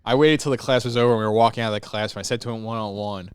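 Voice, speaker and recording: A man's voice: lowish voice, fairly even intonation, smooth, dry recording, studio quality. A man co-hosting a casual comedy podcast, telling school stories and swearing freely. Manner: fast-talking, swears, retells school stories. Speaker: podcast co-host.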